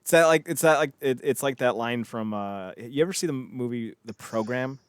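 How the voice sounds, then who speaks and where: A man co-hosting a podcast in casual chat, animated and riffing with silly voices between laughs. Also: medium pitch, normal speed, smooth, dry recording. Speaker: podcast co-host.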